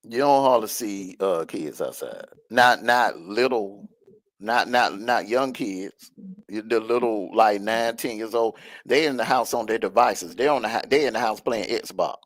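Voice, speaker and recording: A man's voice: lowish voice, a little slow, a bit bright, no room sound, poor audio. A man in his forties with a Georgia Southern accent, chatting on a live stream panel and hammering his points by repeating them. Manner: emphatic, repeats key lines. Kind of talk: casual chat on a live stream. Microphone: video call.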